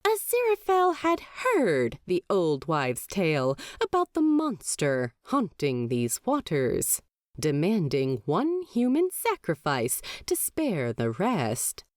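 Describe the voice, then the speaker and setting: A woman narrating a fan fiction audiobook with expressive storytelling. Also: deep voice, takes it slowly, no echo, studio quality. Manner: expressive storytelling, lively inflection.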